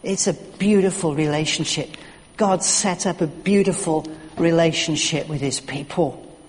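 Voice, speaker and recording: Middle-aged preacher, earnest storytelling, voice a bit high, long echo in church. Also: male voice, a little mellow. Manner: earnest, anecdotal, with fillers and restarts. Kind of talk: sermon.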